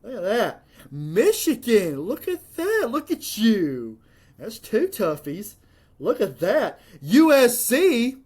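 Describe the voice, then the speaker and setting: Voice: medium pitch, huge pitch swings, slow, darkish tone, husky. A college football commentator, ranting to the camera in a sarcastic, mocking, rambling way. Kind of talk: sports rant to camera.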